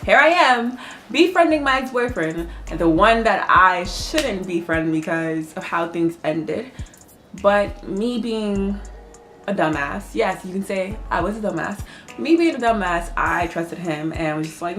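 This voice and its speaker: A woman's voice: mid-range voice, lively intonation, moderate pace, a bit bright, a little hiss or hum. A young woman telling a story in casual, profane chat, laughing as she goes. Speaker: vlogger.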